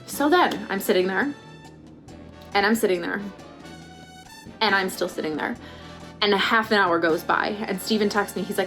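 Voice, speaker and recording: A pregnant young woman vlogging, telling a story casually and acting out quotes with big jumps in pitch. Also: moderate pace, long pauses, faint music behind.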